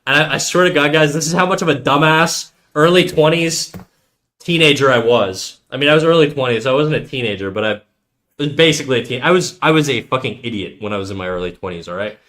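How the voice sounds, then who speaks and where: Animated, foul-mouthed male streamer. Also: medium pitch, fast talker. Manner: animated, profane, talks straight to chat. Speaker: live streamer. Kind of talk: casual storytelling to a stream chat.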